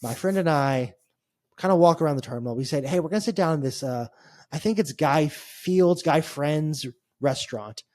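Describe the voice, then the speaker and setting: A man tells a long-winded travel story on a casual podcast. He rambles and restarts, wry and a little exasperated, and his voice sits a bit high for a man. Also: normal speed, a little mellow, no echo. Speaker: podcast co-host. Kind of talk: casual chat.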